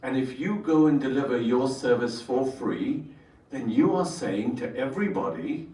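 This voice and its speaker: A man's voice: mid-range voice, moderate pace, darkish tone. A man leading a workshop for entrepreneurs, telling a story and putting questions to his audience. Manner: engaging, asks the audience questions. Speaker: workshop trainer. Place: workshop room. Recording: echoey room, voice from far off.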